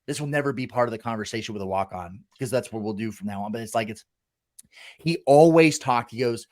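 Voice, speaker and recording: A man's voice: mid-range voice, fast talker. Blunt, profane man in his thirties. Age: 30s. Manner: blunt, profane and animated, acting out past voices. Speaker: podcast host and former college football walk-on. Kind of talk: casual podcast chat.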